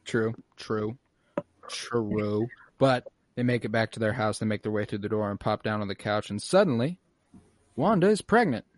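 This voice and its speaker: A man in casual chat, recapping a TV episode with swearing and animated quoted voices. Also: fairly low pitch, fairly quick, no room sound.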